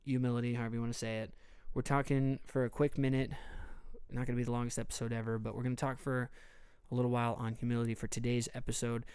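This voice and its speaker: A man's voice: medium pitch, level tone, quick pace, darkish tone, clear, resonant tone, dry recording, clean studio sound. A man, a youth pastor talking casually in a podcast, rambling and joking as he goes.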